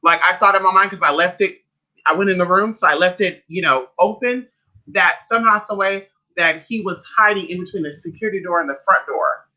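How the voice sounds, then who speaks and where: A man's voice: high voice, a little fast, bright, forceful tone, rough recording. Brassy, profane man spinning a story. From California. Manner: profane, dramatic, calls listeners "honey" and "y'all". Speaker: spiritual livestream host. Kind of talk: casual storytelling to a live chat.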